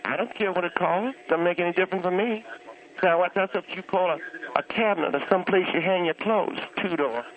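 A man's voice: high voice, fairly quick. A man voicing a blunt, insulting old churchgoing aunt who grumbles crudely, heard over a phone line. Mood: grumpy, scornful. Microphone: telephone.

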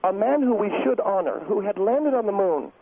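A man's voice: high-pitched, lively intonation, moderate pace, pitched above the performer's own voice. A man voicing a defensive middle-aged woman dance teacher on a comedic phone-in, indignant and self-pitying. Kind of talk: comedic phone-in role-play. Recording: tinny phone line with noise.

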